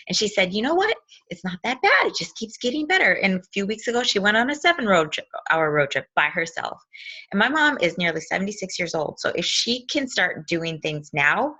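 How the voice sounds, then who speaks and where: Bright-voiced woman giving a motivational talk. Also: lowish voice. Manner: animated storytelling, acts out quotes.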